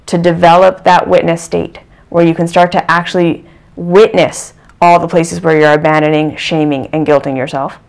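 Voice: mid-range voice, level tone, moderate pace, creaky. A channel host giving a reflective self-help talk, earnest and repeating phrases for emphasis.

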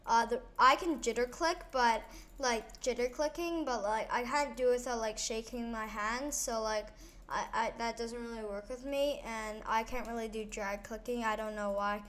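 A woman's voice: a little high, fairly even intonation, normal speed, fairly bright tone. A woman hosting a casual gameplay tutorial, talking over her play in a rambling way with many fillers and restarts. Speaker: gaming channel host.

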